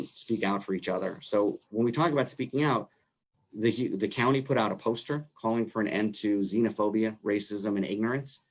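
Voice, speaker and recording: A man with a New York accent, speaking earnestly as a human rights commission director in a livestream discussion. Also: lowish voice.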